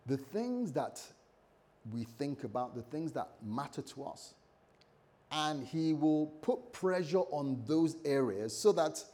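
A pastor preaching a lively sermon, acting out the scripture characters with shifting voice and joking asides. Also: male voice, fairly high pitch, moderate pace.

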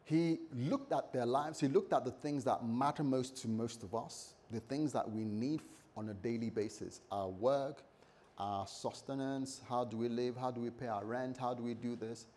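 A male pastor with a mid-range voice preaches at normal speed, and there is slight background noise. His lively sermon acts out scripture characters with varied voices and jokes.

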